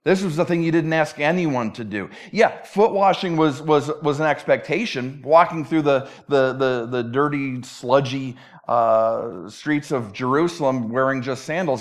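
A man's voice: medium pitch, unhurried, few pauses. A man preaching a sermon in a conversational, emphatic way, often repeating words as he restarts. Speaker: pastor.

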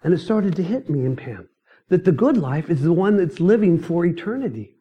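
A middle-aged man telling his mission testimony as a sermon, emphatic and storytelling, breaking into sudden loud outbursts. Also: high voice, sing-song, moderate pace, slightly rough, muffled recording.

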